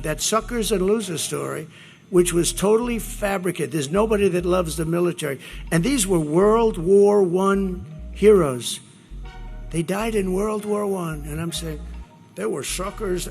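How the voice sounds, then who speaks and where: A man's voice: fairly high pitch, gravelly. A man giving a rambling, repetitive campaign rally speech, boastful and full of asides. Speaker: politician addressing a rally.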